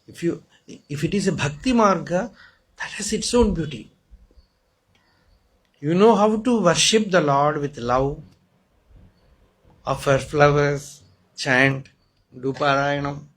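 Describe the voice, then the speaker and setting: A man's voice: medium pitch, low-quality recording. Indian man giving a spiritual talk. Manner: storytelling, asks "Hmm?" to listeners, chants Sanskrit verses. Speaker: spiritual teacher. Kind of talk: spiritual discourse.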